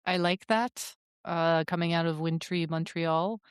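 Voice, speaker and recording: Lady, lowish voice, chatty podcast host rambling about games, dry close sound. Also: a little slow, clean tone, no echo. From French Canada. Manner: chatty and animated, with many fillers. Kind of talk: casual podcast chat.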